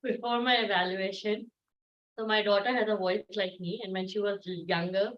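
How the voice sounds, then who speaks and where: A woman's voice: medium pitch, fairly even intonation, moderate pace, muffled recording. Upbeat woman, echoey distant mic. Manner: upbeat, encouraging, chatty. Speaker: speech evaluator. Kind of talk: live speech evaluation on a video call. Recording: echoey distant laptop audio.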